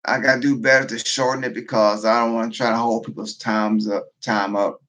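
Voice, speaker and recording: A man talking casually to his viewers on a livestream. He sounds tired and low on energy, and he often repeats and restarts phrases as he goes. His voice sits at a middle pitch. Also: little pitch movement, fairly quick, a bit bright. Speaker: livestream host, veteran prepper.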